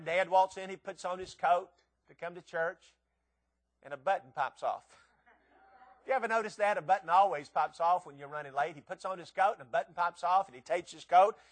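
A preacher delivers his sermon in a high, light voice. He reads scripture, then slips into a folksy, joking story and acts out the voices of the people in it. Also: fairly bright tone.

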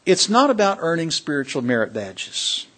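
A man preaching a sermon in a fairly high voice. He leans hard on key words and throws questions out to the congregation. His delivery is emphatic and pastoral. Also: sing-song, moderate pace, fairly bright tone.

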